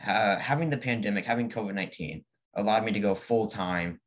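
A man's voice: on the low side, fairly quick. A young man in his late teens, a young author, chatting casually in an interview and animatedly acting out the people he quotes. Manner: animated, acts out quoted people, laughs often.

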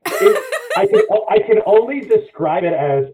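A man telling a story as a podcast guest in casual chat, animated and swearing freely. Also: high voice, moderate pace, noisy background. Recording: echoey, phone-like lo-fi audio.

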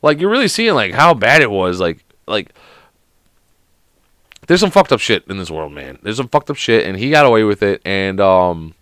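This podcast host, a man who's under the weather, goes on a rambling, profane solo rant, leaning heavily on "like" as filler. He speaks at a normal pace in a smooth, slightly bright voice on the low side, with a sing-song lilt, and the recording is dry.

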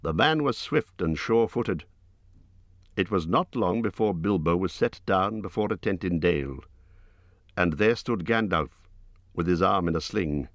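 A man reading an audiobook in a slow, measured narration. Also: deep voice, animated, no room sound.

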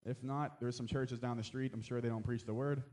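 Preaching with a dark, steady tone at medium pitch, a pastor speaks a little fast. His conversational sermon is dotted with amens and asides and climbs to emphatic exhortation.

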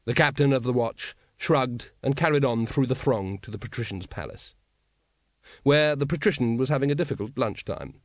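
A man narrating an audiobook in a wry, expressive way. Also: mid-range voice, moderate pace, dry recording, studio quality.

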